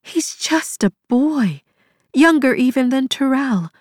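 In this heavily acted audiobook role, a woman pitches her voice above her own to play an anguished young woman wracked with guilt, sobbing, pleading and sinking into whispers. The delivery is high, animated and a little mellow, taken slowly, in studio quality with no room sound.

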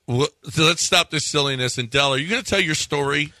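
A man's voice: a little high, brisk, gravelly, bright, forceful tone, no room sound. A man hosting sports radio, needling his co-hosts in dry banter.

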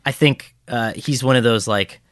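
A man's voice: mid-range voice, normal speed, a bit bright, no echo, studio quality. A man co-hosting a football podcast in casual, joking chat, rambling with plenty of fillers. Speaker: podcast co-host.

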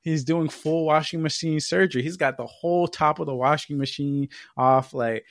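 Male podcast co-host with a gravelly edge and a dry, close mic, for loose, profane storytelling. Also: a little high, moderate pace, no room sound. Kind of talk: casual chat.

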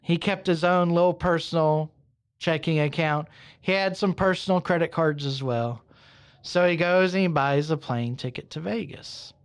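A man hosting a podcast, narrating a story in an unhurried, conversational way with casual asides. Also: fairly high pitch, clean tone. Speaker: podcast host.

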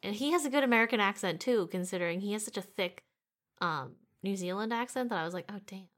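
A woman's voice: mid-range voice, expressive, quick pace, fairly bright tone. A woman co-hosting a casual movie chat, chatty and giggly, with lots of fillers. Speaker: podcast co-host.

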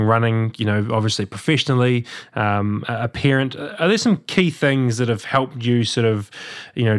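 A man interviewing a guest, asking questions in a halting, attentive way. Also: medium pitch.

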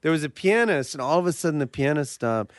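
A man hosting a comedy podcast, telling a story in a loud, rambling, playful way. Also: on the high side, animated, fast talker, dry recording, clean studio sound. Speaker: podcast host. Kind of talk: improvised comedy podcast banter.

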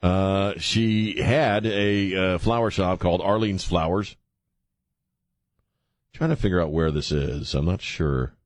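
A man's voice: deep voice, no room sound, clean studio sound. An older man hosting a talk radio show, joking about himself and then telling a news story with many fillers. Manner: joking and self-mocking, halting with many fillers when reading stories. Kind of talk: casual talk radio banter and news commentary. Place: radio studio. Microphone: studio microphone.

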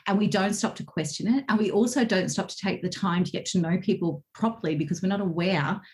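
Woman, guest coach, casual interview, animated storytelling. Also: medium pitch, quick pace. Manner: animated storytelling with laughs and acted quotes.

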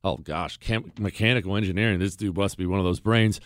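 A man's voice: sits low, a little fast, dry recording, studio quality. A man hosting a talk radio show, speaking in a fiery, emphatic way and repeating lines for punch as he answers listener mail.

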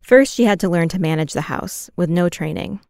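Woman doing scripted documentary narration, smooth and low, dry close sound. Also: no echo. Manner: measured, even storytelling.

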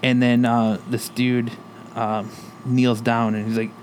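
A man's voice: medium pitch, level tone, takes it slowly, slight background noise. A man casually retelling a TV episode, swearing freely and quoting characters' lines. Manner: loose, profane retelling with quoted lines. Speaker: podcast co-host recapping a TV episode. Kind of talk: casual chat.

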